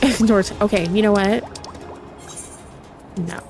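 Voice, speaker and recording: A young adult woman streaming a game in casual chat, chatty and excitable, often gasping. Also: medium pitch, measured pace, faint music behind.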